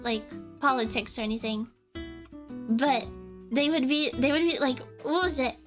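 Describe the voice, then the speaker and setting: A young woman from the United States streaming a casual chat, rambling and giggly, often cutting herself off mid-sentence. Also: sits high. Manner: rambling, giggly, self-interrupting.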